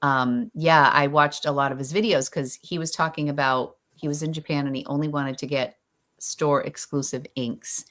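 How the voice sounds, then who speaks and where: Woman host, low voice, easygoing livestream chatter, greets viewers. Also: steady tone, moderate pace, a bit bright. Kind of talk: casual livestream chat.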